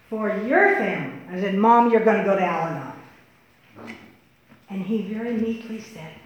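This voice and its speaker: Animated woman storyteller in an echoey room. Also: slight background noise. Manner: animated, acts out quotes with shifts in pitch and pace. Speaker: speaker telling personal stories. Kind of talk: storytelling talk to an audience.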